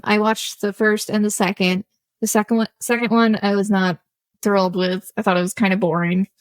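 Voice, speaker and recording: A woman with a mid-range voice co-hosts a podcast, captured in a dry recording. She chats casually, talks a lot, laughs often, and drifts into tangents.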